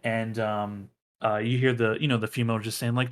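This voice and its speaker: A man narrating a tabletop game as game master, halting, with many filler sounds. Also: on the low side, flat delivery.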